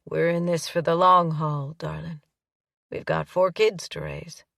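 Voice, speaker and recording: A woman narrator voicing a tender male ex-soldier rancher, talking in a slow, low drawl. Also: steady tone, creaky, a bit bright, dry recording, studio quality, distant mic, full character voice.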